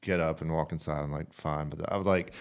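Deep-voiced man, chatty storyteller; casual co-host. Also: steady tone, a little fast, clear, resonant tone. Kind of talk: casual chat.

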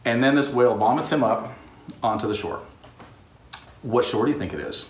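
A man's voice: mid-range voice, brisk, echoey room, distant mic, a little hiss or hum. A man hosting a video, telling a Bible story in a playful way and acting out the characters' voices. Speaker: host.

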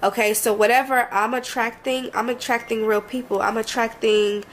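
A woman's voice: a little high, steady tone, moderate pace, a little hiss or hum, rough recording. A young woman vlogger, talking casually and heartfelt to her viewers, a bit congested and emotional, rambling and often asking if she makes sense. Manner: rambling, heartfelt, frequent "you know what I mean". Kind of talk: casual talk to camera.

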